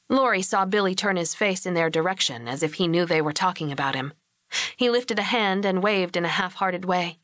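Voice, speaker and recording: A woman reading a novel aloud as narrator, measured and clear. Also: lowish voice, lively intonation, a bit bright, no room sound, clean studio sound. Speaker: audiobook narrator. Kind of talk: scripted narration.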